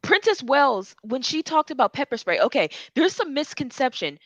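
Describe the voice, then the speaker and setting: A woman's voice: high-pitched, big pitch swings, moderate pace, no room sound, muffled recording. A woman panelist, assertive, correcting a misconception for listeners.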